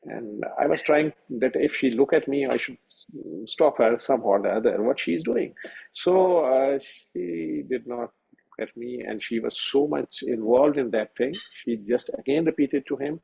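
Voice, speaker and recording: Middle-aged male physician, husky and mellow, halting earnest storyteller on a webinar call. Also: medium pitch, rough recording. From Pakistan. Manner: halting, many fillers and restarts, earnest. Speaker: senior physician. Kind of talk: telling a personal story in a webinar. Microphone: video call.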